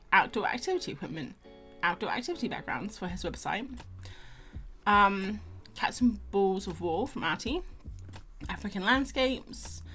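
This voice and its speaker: A young woman chats away as she hosts a relaxed drawing stream, greeting viewers by name and wandering from thought to thought. Her voice sits at an ordinary middle pitch. Faint music plays quietly underneath. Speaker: livestream host. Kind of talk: casual chat while drawing.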